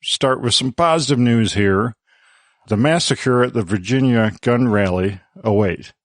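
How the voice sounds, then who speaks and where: A male podcast host runs a casual panel and rattles through sponsor copy at a brisk clip with a joking edge. His mid-range voice sits close and dry on the mic, with no room around it. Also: medium pitch, dry recording.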